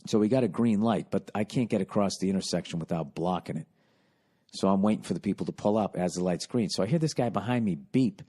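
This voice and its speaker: A man in his forties from the United States, hosting a podcast, telling comedic stories in a profane, animated rant. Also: sits low, quick pace, slightly rough. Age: 40s. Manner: profane, animated, loud when retelling. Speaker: podcast host.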